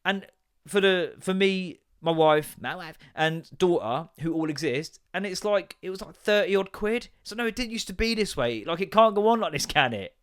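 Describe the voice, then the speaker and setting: A man's voice: high-pitched, animated, normal speed, clear, resonant tone. A man in his thirties hosting a podcast, telling rambling, sweary comedic stories in casual chat. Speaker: podcast host.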